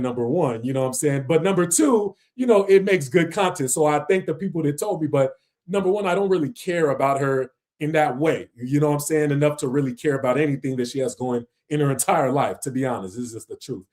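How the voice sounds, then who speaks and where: Livestream host, man, slightly high voice, slangy and animated, rants freely. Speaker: livestream host reacting to videos. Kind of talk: casual livestream reaction commentary.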